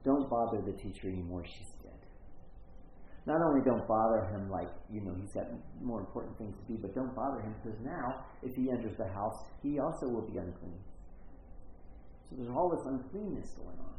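In this storytelling sermon, the same kind of middle-aged teacher wanders through a Bible story casually, often breaking into his own sentences. His mid-range voice moves briskly with lively intonation, and the echoey, phone-like recording carries a bit of hiss or hum.

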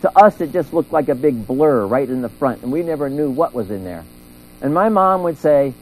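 A middle-aged man preaching a sermon in a church, telling a story with lively acted-out voices. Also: mid-range voice, normal speed, a little hiss or hum, rough recording. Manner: animated storytelling, acting out voices.

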